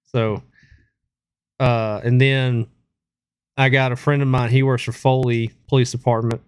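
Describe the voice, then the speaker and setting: A man telling a story in casual podcast chat. He speaks in a relaxed, halting way with frequent pauses. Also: mid-range voice, smooth, no echo, studio quality.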